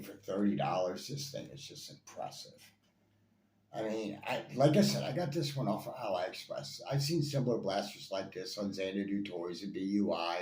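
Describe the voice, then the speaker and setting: In a deep, darkish voice, a man rambles enthusiastically through a casual toy blaster review, leaning on fillers and repeats. A little hiss or hum sits under the echoey room's faint ambience.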